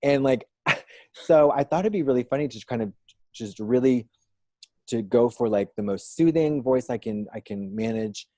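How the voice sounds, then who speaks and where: A drag performer and musician, appearing as a guest in a casual interview, rambles with lots of fillers and restarts and tosses out dry jokes. His voice is medium-pitched and mellow at a normal speed, with no echo.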